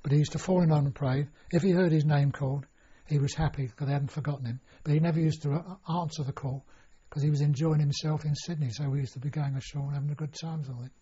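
Older man, husky, warm reminiscing. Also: fairly high pitch, fairly even intonation, fast talker, hardly any pauses. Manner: rambling storytelling with many fillers and restarts. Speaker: interviewee. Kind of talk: oral history reminiscence. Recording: dull lo-fi recording.

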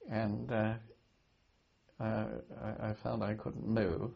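Gravelly older British man, halting recollection. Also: on the low side, flat delivery. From Britain. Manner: halting, many restarts and repeated words. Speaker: war veteran recalling his service. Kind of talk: oral history interview. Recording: dull lo-fi archive recording.

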